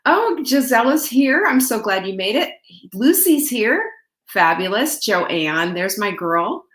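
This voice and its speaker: A woman's voice: on the high side, very animated, takes it slowly, roomy sound. A middle-aged woman hosting a casual live stream, chatty and greeting viewers by name. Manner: chatty, warm-hearted, greets viewers by name, laughs often. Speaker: livestream host.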